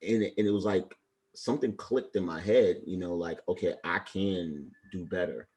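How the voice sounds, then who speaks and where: A Brooklyn-born retired Navy chief in his forties talks at a normal speed in a low, slightly mellow voice. In this easygoing interview, his stories come across with passion and heartfelt earnestness.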